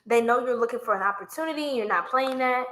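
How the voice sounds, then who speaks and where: A woman's voice: a little high, quick pace, a bit bright. A woman giving a live-streamed tarot reading, chatty and playful, laughing often and talking to viewers as y'all. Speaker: tarot reader.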